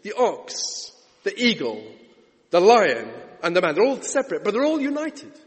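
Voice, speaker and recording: A man's voice: high-pitched, wildly swooping pitch, normal speed. A man preaching a sermon with a dramatic delivery, stretching out key words. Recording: long echoey church reverb.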